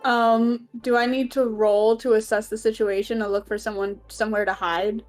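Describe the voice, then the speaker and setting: 声音偏高的女桌游玩家. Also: female voice, fairly high pitch, level tone, normal speed, soft background music. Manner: hesitant, thinking aloud. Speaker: player. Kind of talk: tabletop game play.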